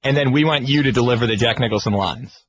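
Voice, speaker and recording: A man's voice: mid-range voice, fast talker, highs cut off, slight background noise. A man co-hosting a sports radio show, teasing and needling his partner. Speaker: radio co-host. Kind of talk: casual sports radio talk.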